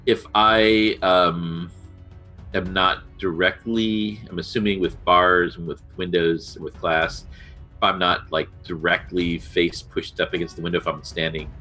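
A man plays his character in a tabletop game, asking the game master careful, hesitant questions. His voice sits very low yet sounds bright and crisp, with faint music behind. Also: steady tone, a little slow. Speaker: player. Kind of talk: casual tabletop play.

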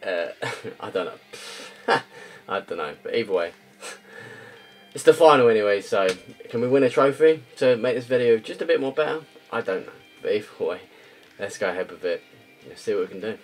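A man's voice: lowish voice, lively intonation, moderate pace. A young man giving frustrated, ranting gameplay commentary that swears and repeats itself. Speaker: gaming video creator. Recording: faint music behind.

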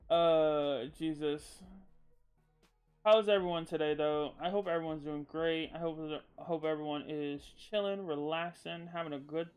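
A man's voice: fairly high pitch, clear, resonant tone. A man streaming live and chatting casually with viewers, rambling and swearing freely, a bit loopy after a sneezing fit.

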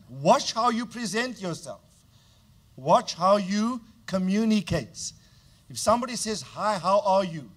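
A man's voice: high voice, a bit bright. A male pastor preaching a sermon with emphatic delivery, often stopping to prompt the congregation to answer back. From South Africa.

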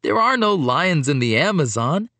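A man's voice: fairly high pitch, big pitch swings, moderate pace, pushed and bright, no room sound, pitched above the performer's own voice, heavily acted. A man reading an audiobook, voicing an earnest, passionate boy in a raised, emphatic tone.

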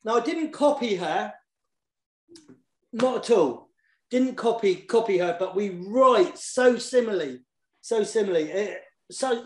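A high male voice with a roomy sound comes from a children's poet and author speaking casually online. He's warm and enthusiastic, and he often repeats words as he searches for them.

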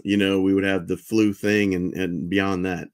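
A man's voice: deep voice, level tone, normal speed. A man hosting an interview, asking his guest short, probing questions. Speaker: host.

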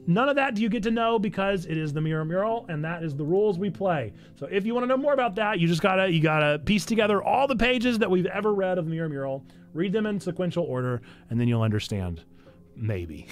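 Jokey streamer man, slightly high voice. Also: lively intonation, fast talker. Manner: jokey, rambling. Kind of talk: casual stream chat. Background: faint piano music.

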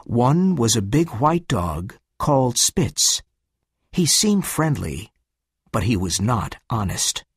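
Slow, husky male storybook reader. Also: mid-range voice, big pitch swings, dry recording, clean studio sound. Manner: slow, careful, clearly paced reading. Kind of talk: storybook reading for English learners.

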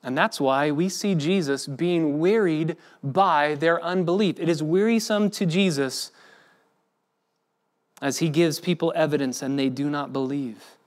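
A man's voice: a little high, a little slow. Male pastor with a slightly raised voice, preaching with feeling and voicing the quotes. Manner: expressive preaching, acts out quoted speech. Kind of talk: sermon.

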